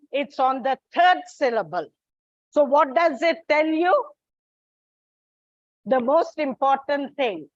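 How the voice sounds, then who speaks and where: A woman's voice: high voice, no room sound, dull audio. A woman teaching English word stress, spelling out endings letter by letter and repeating each example word. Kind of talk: classroom lesson on word stress.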